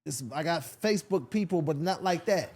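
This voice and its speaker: A male comedian from Sacramento spins a long story in a relaxed podcast chat. His voice sits a bit high for a man, and he jumps into other people's voices as he tells it. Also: normal speed. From Sacramento, California. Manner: animated, acts out voices in his stories. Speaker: comedian guest.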